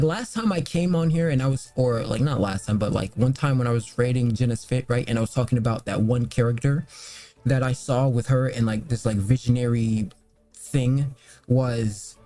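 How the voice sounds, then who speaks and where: A man's voice: medium pitch, moderate pace, mellow, soft background music. A young man reviewing films in a loose, rambling casual chat, full of fillers and swearing. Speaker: movie reviewer.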